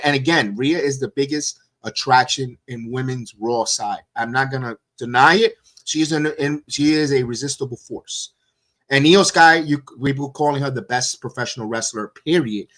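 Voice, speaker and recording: A hoarse man co-hosting a casual podcast, rambling and restarting his sentences often. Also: medium pitch, bright, forceful tone. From USA. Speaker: co-host. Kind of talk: casual wrestling podcast chat.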